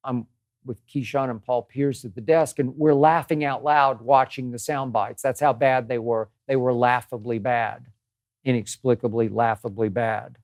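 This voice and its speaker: An older man sounds off in a sports commentary monologue, hammering his points and repeating phrases with exasperated emphasis. His voice sits at an ordinary pitch, recorded close and dry with no room sound. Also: darkish tone, no echo. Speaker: host.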